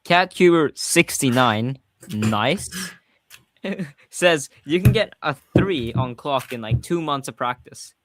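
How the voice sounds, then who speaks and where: A man's voice: medium pitch, expressive, slow pace, fairly bright tone, slight background noise. A man with a Swedish accent hosting a casual livestream chat, talking freely and often correcting himself mid-sentence. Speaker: podcast host.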